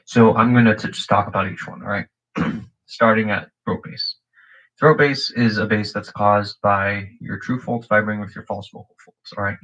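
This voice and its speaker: A young man casually explaining beatbox basses on a livestream, rambling with lots of "you know" and "like" and clearing his throat often. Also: fairly even intonation, normal speed, fairly bright tone, rough recording. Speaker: beatbox teacher.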